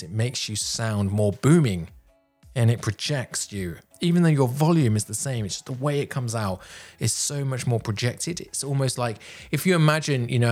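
A man coaching public speaking, talking in a projected, deliberate way with pauses, recorded on a microphone while wearing headphones. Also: mid-range voice, darkish tone. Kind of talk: instructional talk to camera. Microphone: headphones and a normal microphone.

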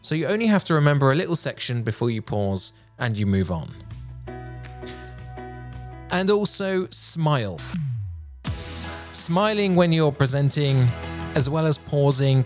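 Into a studio mic, a man hosts a podcast about presenting. His voice is medium-pitched, energetic and projected, with carefully clear enunciation.

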